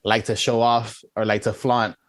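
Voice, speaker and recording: A man's voice: on the low side, flat delivery, moderate pace, no room sound. A man co-hosting a podcast, rambling and laughing as he talks over a movie. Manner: giggly, rambling with restarts. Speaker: podcast co-host. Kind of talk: casual movie review chat.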